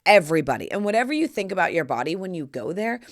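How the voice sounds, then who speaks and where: A woman's voice: lowish voice, quick pace. A middle-aged woman hosting a podcast, telling stories in brassy, playful casual chat. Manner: animated, brassy storytelling with playful asides. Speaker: podcast host.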